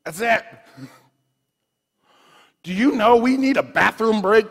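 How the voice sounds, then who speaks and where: A man preaching a sermon, telling personal stories in an animated way with frequent restarts, in a church sanctuary. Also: high-pitched, measured pace, long pauses. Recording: long reverb of a large room.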